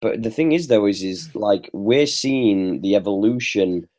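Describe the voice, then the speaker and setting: A man's voice: lowish voice, animated, measured pace, a little mellow. A man co-hosting a casual sports podcast, talking in a profane, emphatic way. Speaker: podcast co-host.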